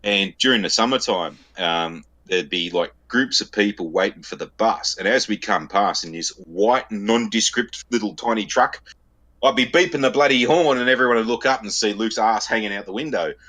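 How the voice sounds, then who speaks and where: An Australian-accented podcast co-host tells crude stories in casual banter, swearing freely and laughing at his own jokes. His fairly low-pitched voice sounds pushed and bright at a normal speed.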